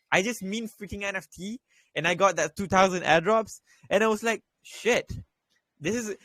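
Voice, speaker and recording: A man's voice: high voice, fairly bright tone, no echo. A young man and student giving blunt, profanity-laden crypto advice in a casual voice chat, repeating his points. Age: young adult. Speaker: crypto trading voice chat host.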